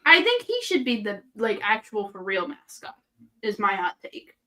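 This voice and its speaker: A woman's voice: medium pitch, very animated, moderate pace, bright, forceful tone. A woman co-hosting a casual podcast chat, talking in a chatty, joking way with the odd swear. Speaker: podcast co-host.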